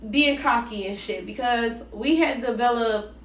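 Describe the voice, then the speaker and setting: Woman, casual storytime vlogger, animated slang delivery, slightly high voice; roomy recording with the mic at some distance. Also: a little slow. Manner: animated, slangy, acts out both sides of conversations. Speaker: vlogger telling a dating story. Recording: roomy echo, voice set back from the mic.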